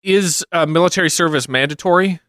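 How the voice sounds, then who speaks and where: Male co-host, slightly high, tense bright tone, quick laughs and banter. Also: no echo, clean studio sound. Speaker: podcast co-host. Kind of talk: casual comedic chat.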